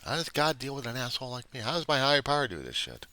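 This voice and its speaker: Rapid-fire and pushed, his bright medium-pitched voice swings widely in pitch. The man is a recovery video diarist, talking to his camera in an unscripted confessional monologue. He's blunt and profane, rambling along while questioning himself.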